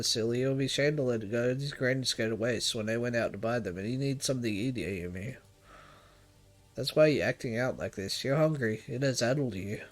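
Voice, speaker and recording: A man voicing an eerily calm, possessive young woman who talks in a soft, flat, coaxing way. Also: medium pitch, close to an everyday voice.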